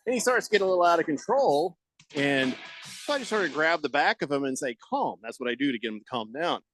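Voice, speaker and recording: A man hosting a radio talk show, out of breath, telling a story in a lively way and laughing often, in a studio. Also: fairly high pitch, fast, soft background music. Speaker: radio sports talk host. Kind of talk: casual radio chat. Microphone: studio microphone.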